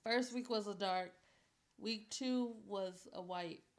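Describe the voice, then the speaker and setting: A woman's voice: medium pitch, slow. A woman hosting a casual podcast chat, blunt and laughing, swearing freely. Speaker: podcast host.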